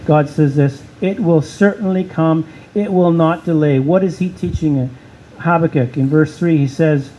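A man with a notably high voice preaches a sermon, asking rhetorical questions and driving points home through repetition. The sound is a little muffled, with a faint hum of air conditioning behind him. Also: normal speed, dark tone. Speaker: pastor.

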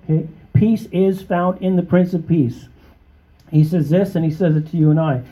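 A man preaching a sermon, emphatic and conversational, often checking in with his listeners and rising to high, excited exclamations. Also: moderate pace. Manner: conversational, with frequent check-ins to the congregation. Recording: dull, muffled lo-fi recording.

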